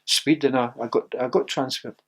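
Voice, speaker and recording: A man's voice: mid-range voice, steady tone, normal speed, slightly rough, faint music behind. An older Scottish man, a former footballer, reminiscing in an interview and telling stories with acted-out quotes. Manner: storytelling, laughs often, acts out quotes.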